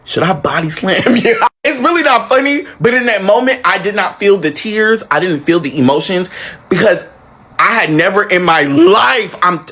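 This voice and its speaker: A man telling a personal story in an animated, profane, sarcastic way. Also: high-pitched, moderate pace. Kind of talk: casual storytelling.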